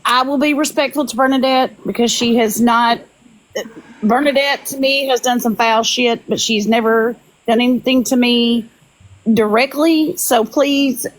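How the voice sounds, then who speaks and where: Woman, firm moderator, slightly high voice. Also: low-quality recording. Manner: firm, calling for respect. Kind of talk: moderating a livestream argument.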